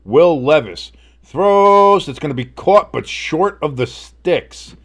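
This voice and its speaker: A man hosting a live football stream, calling play-by-play in a rambling, excitable, casually profane way. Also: on the high side, takes it slowly. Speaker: host.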